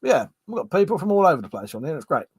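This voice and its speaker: A man's voice: on the high side, very animated, rapid-fire, a little mellow, husky, dry recording. A Scottish-born man with a Manchester accent hosting a casual livestream, rambling, swearing and laughing as he reads out chat messages. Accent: Manchester English. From Scotland. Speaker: livestream host. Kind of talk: casual chat reading live comments.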